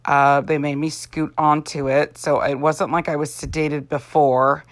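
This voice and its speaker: Woman in her forties, very low voice, dry close sound, rambling and tired. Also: level tone, a little slow, dry recording. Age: 40s. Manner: rambling, chatty, with many fillers. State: tired, yawning. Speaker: Avon representative. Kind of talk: casual makeup vlog chat.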